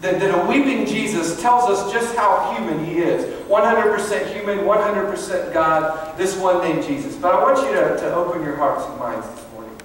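High-voiced man preaching in an echoey church. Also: normal speed, hardly any pauses, distant mic, a little hiss or hum. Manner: impassioned, rising and falling preaching. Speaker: pastor. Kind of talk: sermon. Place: church sanctuary. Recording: very echoey church hall from afar.

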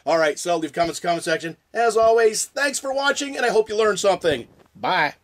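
A man hosting a casual spider vlog, talking in an excitable, rambling, jokey way. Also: high voice, brisk. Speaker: spider video creator.

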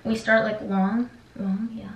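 A woman's voice: mid-range voice, level tone, a little slow, lo-fi sound, slight background noise. A young woman vlogging casually at home, dramatic and exasperated, mocking herself. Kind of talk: casual vlog. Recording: echoey room, camera a bit distant.

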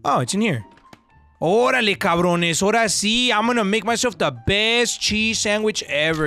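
A man's voice: high voice, normal speed, sharp tone, faint music behind. A young man, joking and swearing through casual let's-play commentary and mixing in slang. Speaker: gaming streamer.

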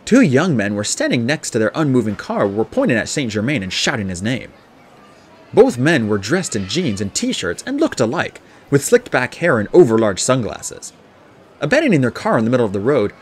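Expressive man reading an audiobook. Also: medium pitch, slight background noise. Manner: expressive storytelling. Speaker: audiobook reader. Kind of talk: audiobook narration.

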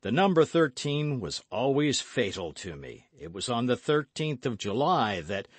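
A man's voice: medium pitch, dry recording, voice pushed up. A man doing a cool, unflappable musketeer. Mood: deliberate. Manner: calm, measured and deliberate. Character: cool, worldly older male musketeer, unflappable.

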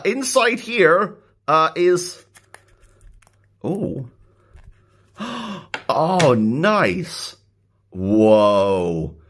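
A man unboxing a package in a casual vlog, joking and laughing, excited and upbeat. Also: on the high side. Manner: excitable, jokey, laughs often. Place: indoors, later outside in his back garden.

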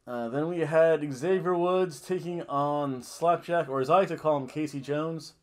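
A man's voice: fairly high pitch, normal speed, few pauses. A man hosting a wrestling podcast, recapping a show in a rambling, self-correcting way with jokey asides.

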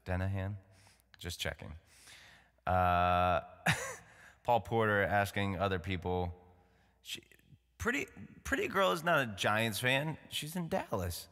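A man's voice: on the low side, big pitch swings, slow, pauses often, pushed and bright, in a large hall. A man with a New York accent hosting a live concert from home, chatting casually and joking loosely between songs. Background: acoustic guitar playing.

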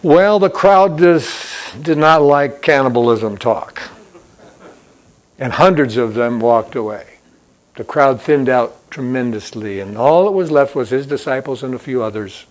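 A man's voice: medium pitch, animated, a little slow. A man preaching a sermon as pastor in a church, in a conversational storytelling way that repeats key points.

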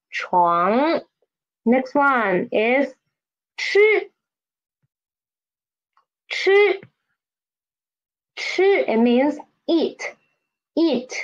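A woman's voice: high voice, muffled recording. A woman teaching a beginner Chinese lesson, drilling pinyin sounds with patient repetition and inviting the listener to read after her.

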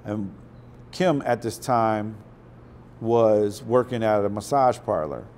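A man guesting on an interview, telling casual stories with a profane, animated delivery that slips into acted quotes. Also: lowish voice, takes it slowly, a little hiss or hum. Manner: profane, animated storyteller who acts out quotes.

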